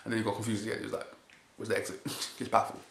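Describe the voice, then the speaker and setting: A man's voice: on the low side, monotone, racing, creaky, fairly bright tone. A man giving a casual, rambling spoken recap of a wrestling show. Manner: rambling, repeats "basically", chuckles often. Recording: echoey room with faint hiss.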